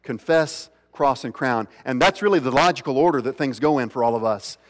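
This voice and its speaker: A male pastor preaching an earnest sermon, slowing down and going quiet and low when he voices the questions he quotes. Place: church sanctuary. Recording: long reverb of a large hall.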